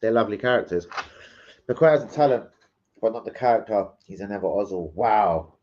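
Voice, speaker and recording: A man's voice: lowish voice, brisk, darkish tone, dull audio, slight background noise. A man hosting a casual football livestream, rambling and swearing as he chats with viewers. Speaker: football fan channel host. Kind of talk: casual livestream chat reading transfer gossip.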